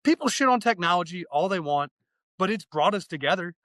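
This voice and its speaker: A man chatting as a podcast guest about fire training, excitable and profane, acting out bits of dialogue as he talks. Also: high voice, fairly quick, no echo. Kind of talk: casual podcast chat.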